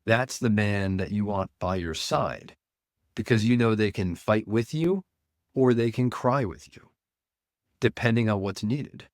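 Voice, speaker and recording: A man, a men's coach, speaking earnestly and deliberately as a guest in an interview. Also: on the low side, no echo, clean studio sound. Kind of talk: reflective interview talk.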